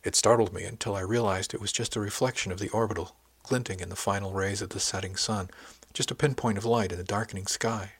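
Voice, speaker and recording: A man voicing a frightened young village wife who speaks softly and hesitantly, with a husky voice. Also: lowish voice, steady tone, fast, no room sound.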